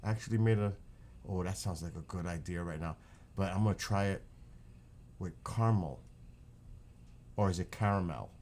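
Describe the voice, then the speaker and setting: A man's voice: sits low, fairly quick, long pauses, dark tone, slight background noise. A man with a New York accent, chatting casually on his live stream, rambling and joking.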